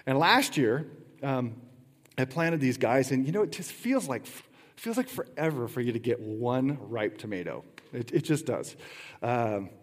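A man's voice: mid-range voice, expressive, measured pace. A middle-aged man preaching a sermon in a conversational way, with rhetorical questions and playful asides. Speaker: pastor. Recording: long hall reverb.

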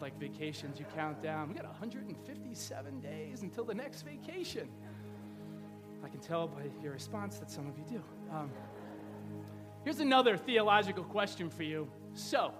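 A man with a very high voice preaches a sermon in a casual, joking way, firing off rhetorical questions at the congregation. His voice rings through a large hall with a long reverb tail. Music plays clearly underneath. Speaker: pastor. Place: church sanctuary.

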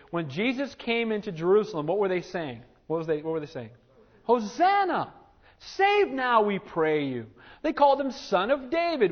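High-voiced preacher, hushed to loud swings. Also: male voice. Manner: preaching with swings between loud exclamation and hushed earnest tones. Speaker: pastor. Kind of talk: sermon. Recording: muffled lo-fi recording.

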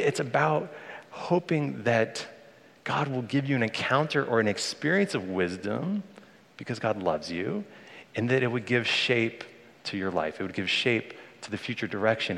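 Guy pastor preaching, earnest and chatty, lowish voice, big church reverb. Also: animated, normal speed, creaky, a bit bright. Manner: conversational, earnest, speaks to the congregation directly. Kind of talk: sermon. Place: church sanctuary. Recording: long reverb of a large hall.

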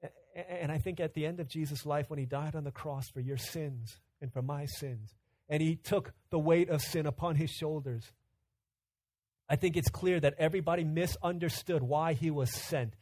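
A man in his thirties preaching a sermon, telling stories conversationally and swinging from loud urgent bursts to hushed quiet. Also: fairly high pitch, normal speed, no echo. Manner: storytelling, conversational. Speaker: pastor.

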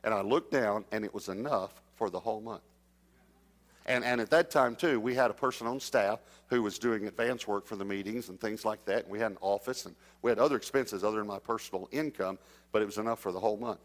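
A middle-aged man preaching, telling a personal story and acting out the dialogue, sometimes dropping to a hush. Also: on the low side, quick pace. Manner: anecdotal, acts out dialogue, drops to a hush for suspense. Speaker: traveling preacher. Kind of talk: storytelling sermon.

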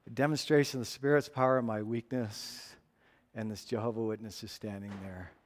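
A man preaching a sermon, telling a personal story with animated rises and drops and frequent restarts. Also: on the low side, brisk, in a large hall, slight background noise. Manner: animated storytelling, rising and falling, repeated restarts. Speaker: pastor.

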